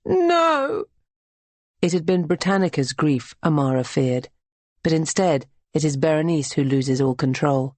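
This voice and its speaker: A woman narrating an audiobook in a measured, even reading. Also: low-pitched, no room sound. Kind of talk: scripted narration.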